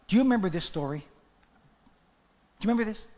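High-voiced man preaching in a hall. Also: lively intonation, moderate pace, long pauses. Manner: emphatic, repeats key phrases, swings from hushed to loud. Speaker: pastor. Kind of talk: sermon. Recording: long hall reverb.

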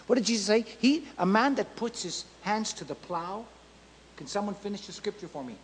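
A male pastor preaching a sermon in an emphatic, repetitive way that builds to shouts. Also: high voice, lively intonation, brisk, in a large hall, slight background noise, poor audio.

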